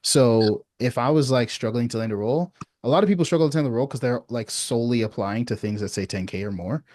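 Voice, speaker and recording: A man giving casual sales advice on a video support call, relaxed and chatty, often asking "you know what I mean?". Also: mid-range voice, fast, dry recording, clean studio sound. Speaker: sales coach.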